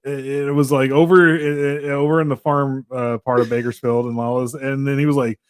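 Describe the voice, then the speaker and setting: A man in a relaxed podcast chat, rambling through stories with restarts and laughs. His voice sits at an ordinary pitch, heard dry and close with no room sound. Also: a little fast, smooth, no room sound. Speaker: podcast co-host. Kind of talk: casual chat.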